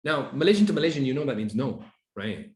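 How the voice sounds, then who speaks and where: A man from Canada gives an interactive talk to a crowd. His voice is mid-pitched but rises and falls a lot as he throws questions at listeners. The sound rings in a large, roomy hall. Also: fast. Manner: lively, interactive, asks audience questions and acts out dialogues. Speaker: speaker on intercultural competence. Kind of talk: conference talk.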